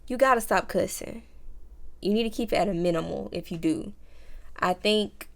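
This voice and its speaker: Chatty woman with a gravelly edge. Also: mid-range voice, moderate pace. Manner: chatty, slang-filled, addresses viewers as y'all and baby. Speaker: lifestyle vlogger. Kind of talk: casual advice vlog.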